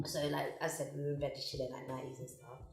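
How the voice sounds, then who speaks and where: A woman's voice: extremely low pitch, level tone, quick pace, a little mellow, recorded from a distance. A young woman, chatting casually and giggling about her relationship on a couples chat show. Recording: echoey room with music underneath.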